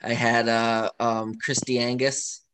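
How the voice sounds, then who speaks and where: A man's voice: medium pitch, flat delivery, slow pace, noisy background. Male podcast host, casual, mid-range voice, short affirmations. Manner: brief affirmations, easygoing questions. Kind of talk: casual interview.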